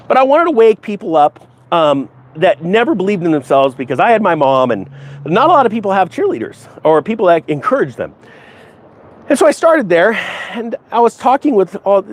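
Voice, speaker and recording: A man's voice: high-pitched, sing-song, fairly quick, darkish tone. A middle-aged man hosting a casual finance commentary, chatting to viewers in a rambling, jokey way that jumps between topics. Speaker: finance YouTuber host. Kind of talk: casual commentary to a live chat.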